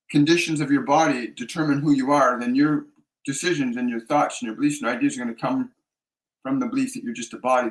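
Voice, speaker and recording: Man giving a measured spiritual talk. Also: mid-range voice, echoey room, rough recording. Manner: measured, repeats key phrases for emphasis. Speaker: psychic medium host. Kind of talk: live-streamed spiritual talk answering viewer questions.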